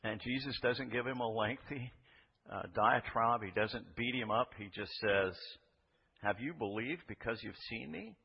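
A man's voice: medium pitch, measured pace, gravelly, husky. Man preaching in a reverberant hall. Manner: conversational, asks rhetorical questions. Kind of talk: sermon. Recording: dull reverberant hall recording.

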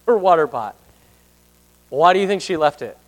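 A man with a voice on the high side leads a casual Bible study for a congregation. He's chatty and self-deprecating, often asking the room questions and reading verses aloud.

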